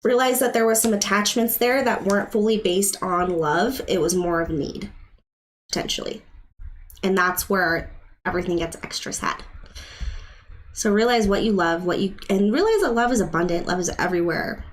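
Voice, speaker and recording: A woman's voice: mid-range voice, normal speed, a little hiss or hum. Chatty woman tarot reader on a live stream. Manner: chatty, emotional, talks straight to viewers.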